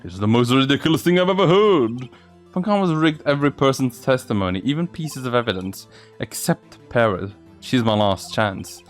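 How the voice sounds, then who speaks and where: A man's voice: medium pitch, expressive, normal speed, soft background music, natural voice. A man voicing a determined young male defense lawyer in a courtroom game, earnestly thinking aloud.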